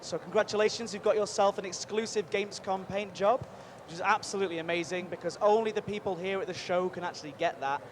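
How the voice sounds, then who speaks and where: A man hosting a live stream from a busy convention booth, chatty and energetic, rambling with quick restarts. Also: high-pitched. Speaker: livestream host at a game convention booth. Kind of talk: upbeat live event hosting. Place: busy convention show floor. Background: faint crowd noise.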